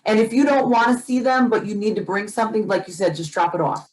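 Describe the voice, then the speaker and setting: Fast-talking and medium-pitched with a darkish tone, this woman co-hosts a podcast in a casual chat on a rough recording. Her delivery is earnest and passionate, full of restarts and repeated words as she gets worked up.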